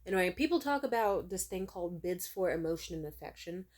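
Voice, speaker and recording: A woman's voice: on the low side, animated, fast, darkish tone. A young woman vlogger telling stories to camera in a chatty, casual way, swearing freely and filling her talk with "like". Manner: chatty, swears freely, mimics people in quotes; many filler "like"s and restarts.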